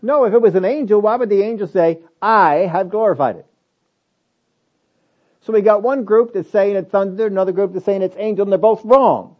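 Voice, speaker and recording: A man preaching a sermon with a somewhat high voice, hammering home his points before dropping into quiet asides. He keeps asking rhetorical questions. The recording is dull and lo-fi. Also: a little fast. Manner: emphatic, swings between loud stresses and low asides; asks many rhetorical questions. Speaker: pastor.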